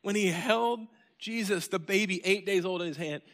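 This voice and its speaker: A man preaching a sermon to his church congregation, earnest and emotional, swinging from loud emphasis down to near-whispers. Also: high voice, a little fast. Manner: earnest, emotional, admits crying mid-sermon. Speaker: pastor. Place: church sanctuary.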